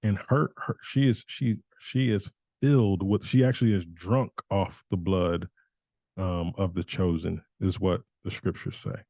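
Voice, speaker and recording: A man's voice: sits low, steady tone, unhurried, mellow, dry recording. A man giving an informal Bible teaching in a conversational way, often restarting and correcting himself.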